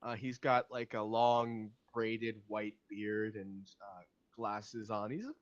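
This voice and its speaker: A man's voice: lowish voice, flat delivery, takes it slowly, no room sound. A man narrating as game master of a tabletop game, speaking hesitantly with many fillers, recorded on dull lo-fi audio.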